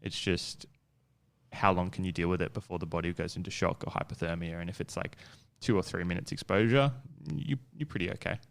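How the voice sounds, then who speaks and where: A man co-hosting a podcast, explaining things in a relaxed, plain way. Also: sits low, fairly quick, gravelly. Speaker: podcast co-host. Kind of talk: casual chat.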